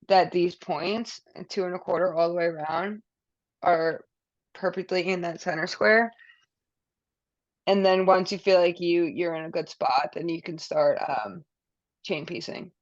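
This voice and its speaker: A woman's voice: fairly low pitch, no echo. A woman teaching quilting in a live online session, talking casually while she demonstrates at her table. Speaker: quilting instructor. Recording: dull lo-fi sound.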